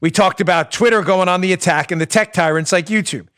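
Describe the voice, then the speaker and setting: A political talk show host with a high-pitched, fairly bright voice speaks fast. His monologue is indignant and sarcastic, driving his points home with repeated rhetorical questions.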